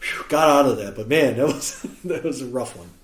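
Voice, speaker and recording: A man from Chicago, a guest musician on a podcast, telling a story in a lively way and acting out what people said. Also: mid-range voice, normal speed, a crowd in the background. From Chicago, USA. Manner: animated storyteller who acts out quoted speech. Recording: roomy echo.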